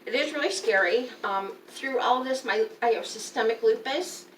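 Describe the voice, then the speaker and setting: A woman's voice: on the high side, moderate pace, a bit bright. Tired, candid woman in her fifties. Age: 50s. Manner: candid, blunt, emotional. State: tired and unwell. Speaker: vlogger. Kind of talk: casual personal update. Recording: roomy, distant, faint background noise.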